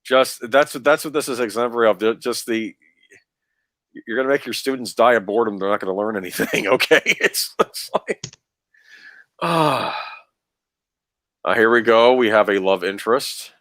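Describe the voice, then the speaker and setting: A man's voice: mid-range voice, normal speed, long pauses, a bit bright, no echo, studio quality. A man casually talking through a film rewatch as co-host, rambling with frequent laughs and restarts. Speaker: podcast co-host.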